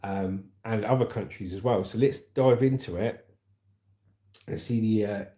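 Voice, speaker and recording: A man's voice: lowish voice, unhurried, mellow. Chatty man in an echoey room. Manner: chatty, rambling, calls viewers "mate". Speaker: livestream news host. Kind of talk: casual livestream chat and news reading.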